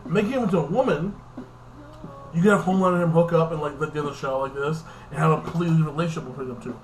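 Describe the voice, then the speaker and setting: A man's voice: on the high side, very fast, a little hiss or hum, rough recording. Rambling young man recapping a TV episode. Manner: rambling, heavy filler words and profanity. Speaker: TV episode reviewer. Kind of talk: casual spoken episode recap.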